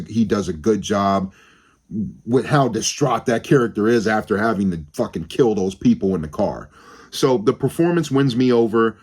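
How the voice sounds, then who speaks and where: A man's voice: medium pitch, a little mellow, husky. A young man giving a rambling, casual film review on his channel, swearing freely and often restarting his sentences. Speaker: movie review vlogger.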